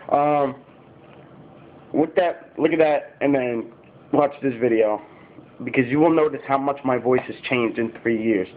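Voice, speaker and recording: A man's voice: medium pitch, normal speed. A fifteen-year-old boy chatting casually to camera, rambling with lots of fillers and swearing. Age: teenager, fifteen. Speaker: YouTuber. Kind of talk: casual vlog talk to camera. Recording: tinny phone-like sound.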